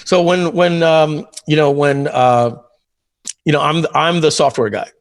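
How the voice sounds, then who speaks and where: A man in his fifties, a guest telling long stories in a casual interview, rambling with many fillers and frequent throat-clearing. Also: a little high, measured pace, no echo. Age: 50s. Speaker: guest, software entrepreneur.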